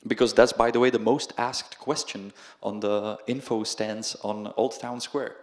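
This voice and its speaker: A man's voice: fairly low pitch, normal speed, few pauses. A young man from the Czech Republic with a Czech accent, a guest in a casual interview who tells stories with lots of laughter and acts out the people he quotes. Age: young adult. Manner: animated, laughs often, acts out quoted voices. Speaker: guest, video creator. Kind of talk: casual storytelling conversation.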